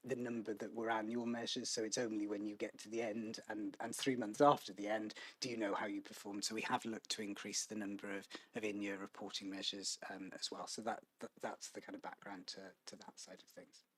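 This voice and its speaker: Council director man, lowish voice, dry close sound, careful and halting formal answers. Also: little pitch movement, fairly bright tone, no room sound, low-quality recording. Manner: measured, hesitant, many ums and restarts. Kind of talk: formal committee meeting answer. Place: council committee meeting, hybrid.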